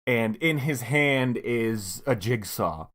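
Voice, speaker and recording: A man with a mid-range voice lays out a story pitch for a comedy podcast. His delivery is relaxed, and he plays along with his co-host. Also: slow.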